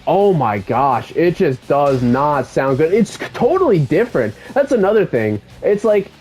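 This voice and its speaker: A young man chats through his gameplay in an animated, fan-driven way, his voice jumping up sharply whenever he gets excited. He swears casually and talks like he is hanging out with friends. Faint game music plays quietly underneath. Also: on the high side, measured pace, husky. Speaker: gaming YouTuber.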